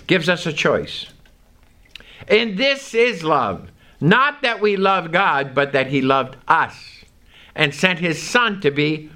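High, lively, bright-voiced male preacher. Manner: emphatic, drawn-out preaching delivery. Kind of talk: sermon.

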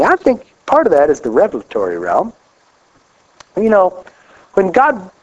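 A man preaching a sermon in a folksy, animated way, laughing often and rising on exclamations. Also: on the high side. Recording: dull lo-fi recording.

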